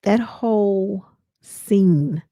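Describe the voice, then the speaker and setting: A woman casually recapping a reality show, chatty and animated, retelling scenes with laughs and dramatic asides. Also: mid-range voice, extremely slow, no echo, studio quality.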